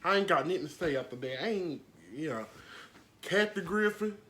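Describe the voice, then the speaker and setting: A woman's voice: fairly low pitch, expressive, moderate pace, fairly bright tone. Sassy gossip-podcast woman. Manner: sassy, slangy, laughs often. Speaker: podcast host. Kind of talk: casual celebrity gossip chat.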